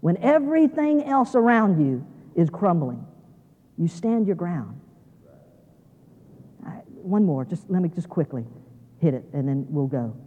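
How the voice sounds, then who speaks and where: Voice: medium pitch, sing-song, measured pace, long pauses, narrow, tinny audio. A guest preacher speaks in a mid-range voice to seminary students, with the long reverb of a large chapel. The delivery is folksy and down-to-earth, full of small restarts. It grows emphatic and repetitive whenever the main point comes back. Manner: emphatic, repeats key phrases.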